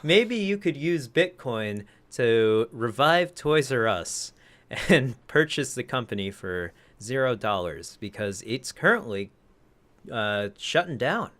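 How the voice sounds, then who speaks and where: A man's voice: medium pitch, sing-song, takes it slowly, a bit bright. A man co-hosting a casual podcast, telling a rambling story that he keeps correcting as he goes. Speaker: podcast co-host. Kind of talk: casual chat.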